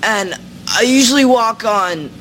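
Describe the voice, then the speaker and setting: A man playing a dim, rambling teenage boy in a sketch, talking slowly and aimlessly. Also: high-pitched, lively intonation, bright, forceful tone, a little hiss or hum, full character voice, rough recording. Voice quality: slow, aimless mumbling delivery.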